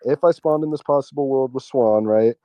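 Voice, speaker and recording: Brief: sarcastic male debate host, mid-pitched, muffled lo-fi mic, very dry sound. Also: a little fast, mellow, dry recording. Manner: sarcastic, theatrical. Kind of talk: heated online debate.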